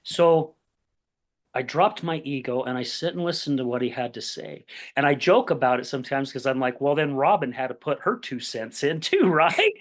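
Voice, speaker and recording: A man's voice: mid-range voice, normal speed. A man hosting a podcast tells a long personal story to his guest. He acts out the people in it and keeps checking in with "right?" as he goes. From Utah, USA. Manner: animated storyteller, acts out quoted voices, says "right?" often. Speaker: podcast host. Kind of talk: conversational interview storytelling.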